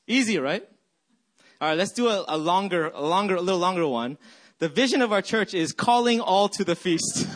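A man preaching a sermon, leading his congregation in a group exercise and then praying softly. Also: fairly high pitch, lively intonation, fairly quick. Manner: leads the congregation in call-and-response, then prays softly. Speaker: pastor. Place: church hall.

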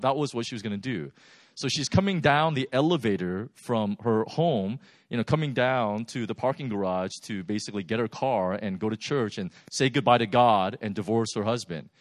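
A man preaching a sermon, telling stories in a lively, animated way with laughs. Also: medium pitch, no room sound, studio quality. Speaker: pastor. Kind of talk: sermon storytelling.

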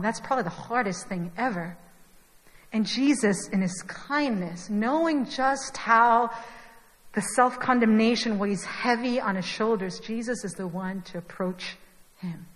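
A young woman preaching a conversational sermon, telling the story in an animated, chatty way with asides to the congregation. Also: on the high side, unhurried. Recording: long hall reverb.

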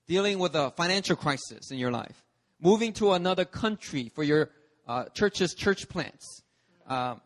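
A man's voice: high-pitched, a bit bright. A man, a pastor, preaching a sermon in an emphatic, storytelling manner at a church service. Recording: long reverb of a church hall.

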